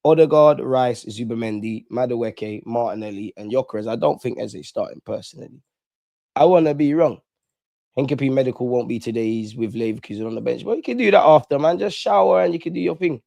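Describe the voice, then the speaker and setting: A man's voice: medium pitch, a little fast, vocal fry, dark tone, no room sound. A young man, chatting casually and animatedly on a live fan stream, full of slang. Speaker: fan channel host.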